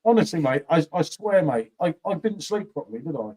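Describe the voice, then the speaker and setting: A man's voice: a little high, expressive, a little fast, darkish tone, husky. A man, a guest on a live beer stream, pleading and laughing sheepishly with a friend. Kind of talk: casual banter on a live stream.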